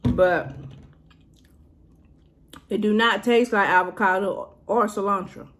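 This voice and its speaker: A woman's voice: mid-range voice, fairly even intonation, takes it slowly, fairly bright tone. Chatty woman reviewing food while eating. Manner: chatty, talks to viewers as y'all between bites; mutters and hums while eating. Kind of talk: casual eating and review vlog.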